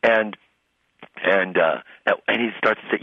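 Male pastor, low husky voice, phone-line audio, animated storyteller. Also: unhurried, no echo. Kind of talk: radio interview, storytelling. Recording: tinny phone-line sound.

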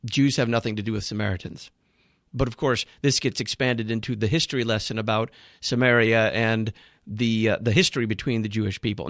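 A man's voice: medium pitch, brisk, fairly bright tone, dry recording, clean studio sound. A man hosting a radio program, critiquing a sermon he has just played in an emphatic, preaching manner.

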